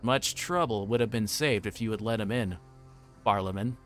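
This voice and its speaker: Brief: man playing a grim weathered ranger, low and measured, storybook reading. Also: soft background music, close to an everyday voice. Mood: stern. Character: grim weathered male ranger, quiet and stern.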